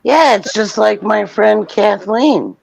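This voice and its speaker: A man's voice: high voice, vocal fry, breathy edge. A man in casual chat, speaking hesitantly. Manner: slow, hesitant. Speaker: participant in a group chat. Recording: dull dry lo-fi audio.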